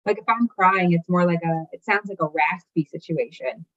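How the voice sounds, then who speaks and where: A woman's voice: fairly low pitch, fairly bright tone. Skeptical woman with a dull recording. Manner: skeptical, quick questions. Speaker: podcast co-host. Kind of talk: casual podcast chat.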